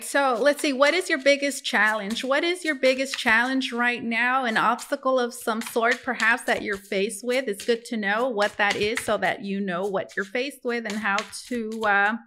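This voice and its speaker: A woman's voice: a little high, unhurried, bright, forceful tone, slight background noise. A woman reading tarot cards for her viewers in a casual, musing way, talking to them as guys. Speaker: tarot reader.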